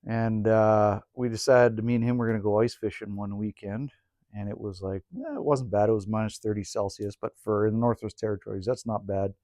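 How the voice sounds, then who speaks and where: A cabin vlogger with a fairly low voice speaks a little fast, sitting near the mic by his woodstove. He tells his story in a laid-back way, cursing freely and getting animated during the retelling, with no room sound.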